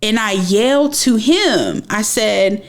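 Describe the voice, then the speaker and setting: A young woman retelling a personal story in a casual, animated way, stressing and repeating her phrases. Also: mid-range voice, slow.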